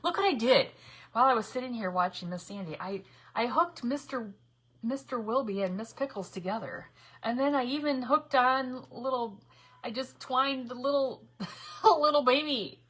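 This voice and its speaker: Bright, husky-voiced woman hosting a craft livestream. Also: fairly high pitch, normal speed. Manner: chatty, greets viewers by name, laughs often. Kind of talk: casual live-stream chat. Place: craft room at home.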